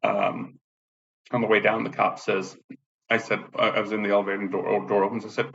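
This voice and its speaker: A man's voice: lowish voice, fairly even intonation, brisk, gravelly, fairly bright tone. A man who is a disabled veteran telling a long personal story in a rambling, profane way, often repeating himself, in a dull lo-fi recording. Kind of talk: casual spoken storytelling. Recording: dull lo-fi recording with faint background noise.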